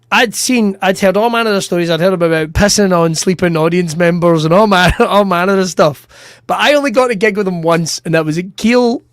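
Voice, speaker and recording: Man, comedian host, high voice, dry close sound, animated, sweary anecdotes. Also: dry recording. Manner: animated, swearing, laughs through his stories. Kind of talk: casual storytelling chat.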